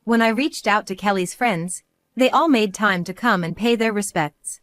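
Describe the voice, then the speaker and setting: Calm middle-aged woman narrating a story. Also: mid-range voice, no room sound. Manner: calm, measured, resolute. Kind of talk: scripted first-person story narration.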